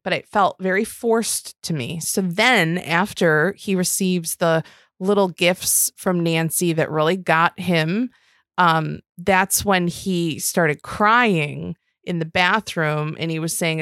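A woman talks casually on a podcast, her voice on the low side, and the recording sounds close and dry with no room around it. She retells moments in an animated way and swears freely. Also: unhurried, dry recording. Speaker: podcast co-host. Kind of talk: casual chat.

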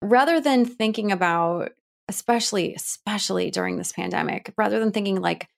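A woman in her thirties from Ohio, a guest telling lively stories with laughter and acted-out quotes. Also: a little fast, creaky. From Ohio, Cleveland area. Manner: lively, laughing, acts out quotes with big pitch jumps. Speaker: guest, author. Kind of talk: animated storytelling in a podcast interview.

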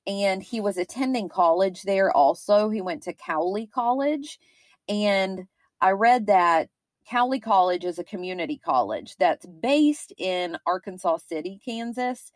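A woman's voice: medium pitch, animated, unhurried, no room sound. A woman in her thirties with a Kentucky accent, co-hosting a true-crime podcast in a chatty, rambling way with frequent fillers. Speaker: podcast co-host.

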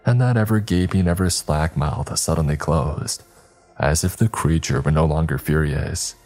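Male horror podcast narrator, very deep, husky, measured and dramatic, faint music under. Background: soft background music.

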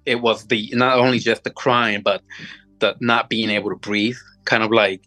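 A man telling a personal supernatural story as a guest, halting and restarting often, audibly moved as he talks. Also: fairly low pitch, level tone, sharp tone, soft background music, rough recording. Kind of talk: emotional first-person storytelling.

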